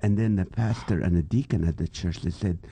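A man from the Middle East with a low, warm, dark voice tells stories as a comedian guest in a relaxed interview. He is lively and acts out the voices of the people in his stories. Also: brisk, slightly rough. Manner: animated storyteller, acts out quoted voices. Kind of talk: casual interview storytelling.

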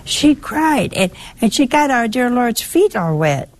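An older woman giving a sermon in a conversational, lively way, teasing and chiding her listeners affectionately. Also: fairly high pitch, unhurried. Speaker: preacher.

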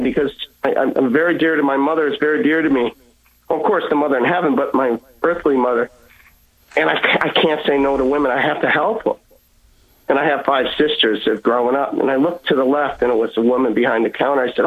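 A man's voice: on the high side, moderate pace, a bit bright, low-quality recording. A man as an interview guest, giving an earnest personal testimony and often stumbling over repeated words.

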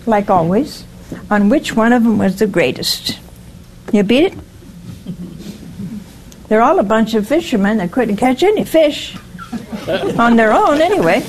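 A woman's voice: a little high, a little mellow, slight background noise, low-quality recording. A woman leading a small Bible study group in a chatty teaching style. She keeps asking the group questions and often says "See?".

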